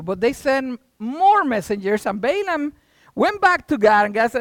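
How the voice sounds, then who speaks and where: A man preaches in a loose, conversational way, retelling a Bible story with sound effects and asides. His pitch swings widely, and the sound is dry and close. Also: very animated, moderate pace, a bit bright, dry recording. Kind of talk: sermon storytelling.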